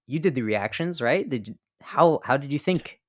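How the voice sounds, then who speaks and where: A man joining a live stream as a guest, excitable and hyped, talking casually. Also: mid-range voice, moderate pace, no room sound, studio quality. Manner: excitable, hype, laughing bursts. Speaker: guest content creator.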